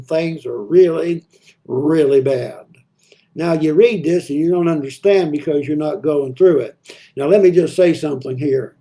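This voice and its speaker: A man gives a midweek Bible devotional, reading verses and then talking them through. His voice sits high for a man but has a soft, mellow tone. He pauses often, stumbles and repeats words as he thinks aloud. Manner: conversational, reads scripture aloud then explains it; frequent hesitations and repeated words. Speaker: preacher.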